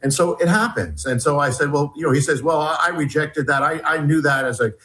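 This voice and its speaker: A male guest recounts an experience in an interview, his voice sitting somewhat high for a man. He talks haltingly, with many false starts and repeated words, acting out the lines of the people in his story. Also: bright, forceful tone, rough recording. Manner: halting, restarts often, quotes dialogue. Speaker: guest, author. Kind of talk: animated storytelling.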